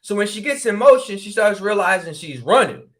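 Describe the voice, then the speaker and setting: A spiritual regression practitioner from New Haven, Connecticut tells a story in an easygoing, talkative way. He's animated, acting out each side of the conversation with quick, sudden exclamations, and his high voice sounds bright and forceful.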